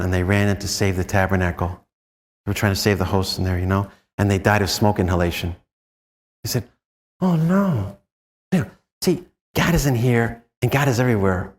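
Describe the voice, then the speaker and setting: A Jesuit priest giving a rambling, chuckling retreat talk, telling anecdotes and asking the group questions. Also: male voice, fairly low pitch. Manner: rambling, chuckling storyteller who asks the audience questions. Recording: long reverb in a large room.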